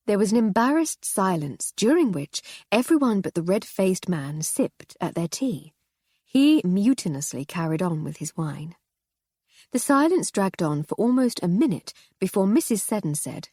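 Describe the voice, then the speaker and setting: A woman narrating an audiobook in a wry, measured storytelling manner. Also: fairly low pitch, big pitch swings, warm tone, breathy edge, no room sound, studio quality.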